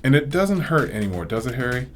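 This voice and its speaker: A man's voice: mid-range voice, sing-song, fast talker, a little hiss or hum, close to an everyday voice. Male reader as earnest clever schoolgirl, storybook reading.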